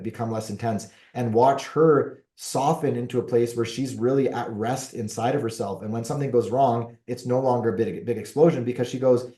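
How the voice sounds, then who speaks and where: A middle-aged man talks through relationship advice in an earnest, explanatory way. His voice is mellow and dark. The room around him is echoey. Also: mid-range voice. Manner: earnest, explanatory, often ends points with "right?". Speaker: podcast guest, relationship coach. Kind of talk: conversational advice monologue.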